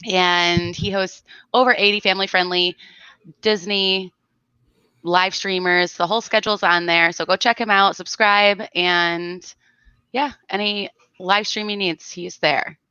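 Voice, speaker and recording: A woman's voice: fairly low pitch, steady tone, unhurried, pushed and bright, clean tone, no room sound, highs cut off. Chatty woman hosting a livestream. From South Florida. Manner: chatty, greets viewers by name. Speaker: livestream host. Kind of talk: casual livestream chat.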